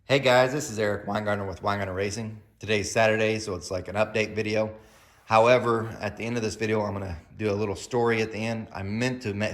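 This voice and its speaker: A man in his forties, a vlogger telling a story in a casual, animated way, often rising loud and high in excitement, talking from his workshop. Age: 40s. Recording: echoey workshop room.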